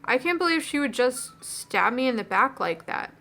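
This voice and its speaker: A woman voicing an upset, rambling teenage girl in a video game, with a high, bright voice. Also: big pitch swings, normal speed, soft background music, exaggerated voice. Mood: hurt. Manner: rambling, gossipy, dejected.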